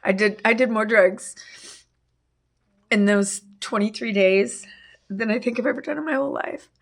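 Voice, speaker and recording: A middle-aged woman telling a painful personal story in an interview, halting and full of restarts. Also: on the high side, vocal fry. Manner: halting, with many restarts and fillers. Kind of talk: emotional personal testimony.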